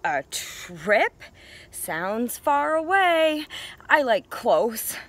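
A woman voicing a timid, fussy male goose in a children's storybook, talking in a high, worried tone. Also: big pitch swings, drawn-out words, a bit bright, heavily acted. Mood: nervous.

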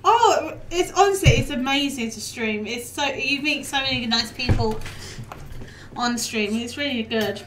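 Young woman, high voice, game streamer, chatty and laughing, a bit off-mic, echoey room. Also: far from the mic, noisy background. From United Kingdom. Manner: chatty, quick to laugh, talks back to the game. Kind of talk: casual live-stream chat.

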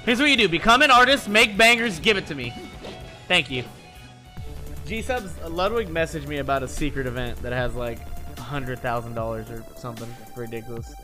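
A man's voice: mid-range voice, moderate pace, music in the background. A man streaming a video game, chatting casually and trash-talking with constant profanity. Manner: brash, profane trash talk. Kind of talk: casual live-stream gameplay chat.

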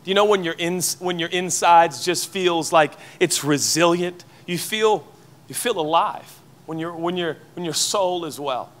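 A man's voice: high-pitched, measured pace, fairly bright tone. A man in his thirties, a pastor preaching a sermon at a conference in a conversational, playful way, often asking the audience questions. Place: conference hall before a live audience.

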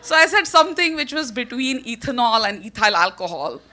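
Bright-voiced Indian woman telling a story. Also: fairly high pitch, fairly quick. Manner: animated, laughs often mid-sentence. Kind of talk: personal storytelling on stage.

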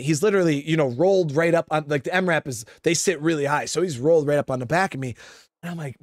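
A man's voice: on the high side, fairly quick, no echo, studio quality. Profane man telling a war story. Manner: profane, rambling, keeps addressing listeners as guys. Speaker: Marine veteran storyteller. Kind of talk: casual spoken storytelling.

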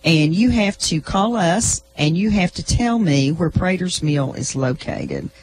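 A man with a notably high voice co-hosts a local radio show. He talks in an easygoing, casual way from the studio. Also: big pitch swings, a little slow, a little hiss or hum, rough recording. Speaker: radio co-host.

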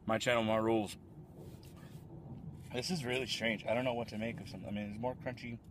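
A man vlogging casually at a fast food restaurant, rambling and talking with his mouth full as he tastes a dessert. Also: fairly low pitch, level tone, noisy background. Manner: chatty, rambling, eating while talking. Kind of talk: casual food-tasting vlog.

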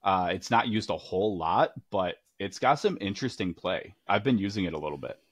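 Man, fairly low pitch, dry sound, easygoing, halting with fillers. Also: expressive, fairly bright tone, dry recording. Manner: easygoing, hesitant, many fillers. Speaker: podcast guest, teacher. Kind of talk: casual interview chat.

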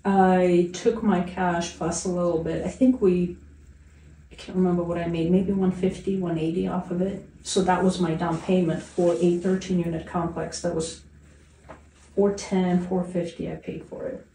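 Animated woman telling investing stories. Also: lowish voice, moderate pace, reverberant, distant mic, slight background noise, poor audio. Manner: animated storytelling, acts out her own quoted lines. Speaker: real estate investor guest. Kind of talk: casual podcast conversation.

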